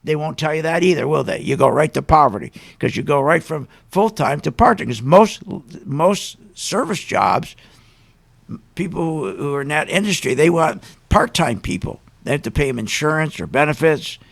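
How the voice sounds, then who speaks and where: Male radio host with a raised, gravelly voice, preaching his opinions in an emphatic rant. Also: fairly high pitch, expressive, normal speed. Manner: ranting, emphatic, sarcastic asides.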